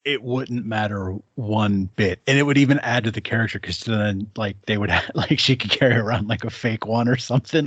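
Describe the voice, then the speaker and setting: A man's voice: on the low side, lively intonation, moderate pace, a bit bright, slightly rough, no echo, lo-fi sound. A man co-hosting a casual wrestling talk show, enthusiastic and rambling, full of fillers. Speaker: podcast co-host.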